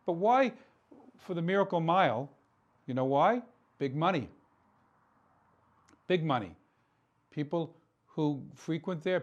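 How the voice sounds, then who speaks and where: A man hosting a political talk show, delivering an impassioned commentary monologue full of rhetorical questions and repeated words for emphasis. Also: fairly high pitch.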